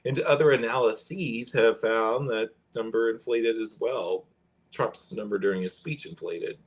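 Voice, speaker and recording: A man hosting a podcast, reading fact checks aloud and commenting in a conversational way. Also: lowish voice. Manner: conversational, pauses and restarts while reading aloud. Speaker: podcast host.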